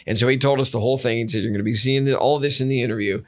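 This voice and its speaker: A middle-aged man, a guest comedian on a podcast, telling anecdotes casually with halting fillers and restarts, and acting out quoted dialogue. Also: medium pitch, fairly even intonation, fairly bright tone. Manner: acts out quoted dialogue with a raised voice.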